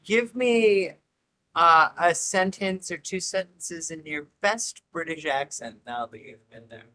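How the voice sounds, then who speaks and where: A man asks an interview guest one question after another in a casual way. He sounds curious and laughs easily. His voice sits a little higher than most men's. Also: a little slow, bright, forceful tone.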